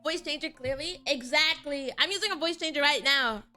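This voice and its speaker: A woman's voice: sits high, brisk, few pauses, bright, forceful tone, faint music behind. A young woman VTuber chatting casually on stream, answering chat and laughing often.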